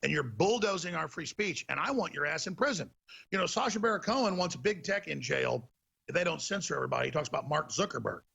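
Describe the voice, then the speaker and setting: Gravelly, husky man ranting as a talk host. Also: fairly high pitch, animated, quick pace, sharp tone. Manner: heated, ranting, emphatic. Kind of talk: talk show monologue.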